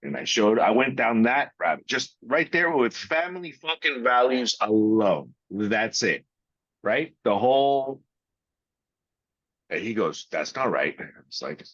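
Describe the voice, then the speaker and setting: A man in casual podcast chat, talking bluntly with lots of swearing and drawn-out pauses. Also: medium pitch, sing-song, a bit bright, no echo. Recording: dry, dull lo-fi sound.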